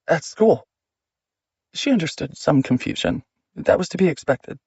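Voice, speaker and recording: A man narrating an audiobook in a measured, steady reading. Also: on the high side, breathy edge, no echo, highs cut off.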